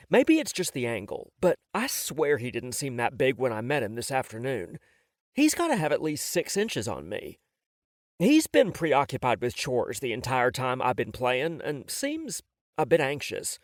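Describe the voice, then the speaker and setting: A man's voice: mid-range voice, no echo. A man narrating a novel in the first person, wry and self-mocking, on a close studio mic. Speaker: audiobook narrator.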